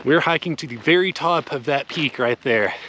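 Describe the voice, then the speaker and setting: A man's voice: on the high side, moderate pace, bright, forceful tone, a little hiss or hum. A man talking through a solo mountain hike, chatty and upbeat, at times out of breath. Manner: upbeat, chatty, says y'all. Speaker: hiking vlogger. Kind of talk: hiking vlog with voice-over narration. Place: outdoors on a mountain trail. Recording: light music behind.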